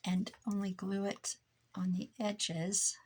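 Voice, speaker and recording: A woman's voice: medium pitch, little pitch movement, slow, noisy background. A tired woman chatting casually to herself and her viewers while crafting at home, muttering and joking at her own expense. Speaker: crafting vlogger.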